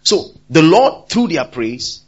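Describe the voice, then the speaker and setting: Husky-voiced preacher man, emphatic repeats. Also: fairly high pitch, big pitch swings, slow, highs cut off. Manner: emphatic, repeats key phrases, swings between loud and soft. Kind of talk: sermon.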